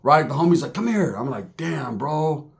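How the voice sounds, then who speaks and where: Animated, profane male storyteller. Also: fairly high pitch, moderate pace, vocal fry. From California. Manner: animated, crude, acts out other people's voices. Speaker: former prisoner telling a story.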